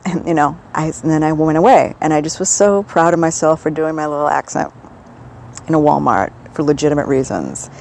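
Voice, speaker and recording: A woman's voice: deep voice, fairly quick, vocal fry, darkish tone, slight background noise, poor audio. A woman from the northern United States, chatting in a digressive, self-amused way into a handheld recorder for her audio diary. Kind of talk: rambling personal audio diary.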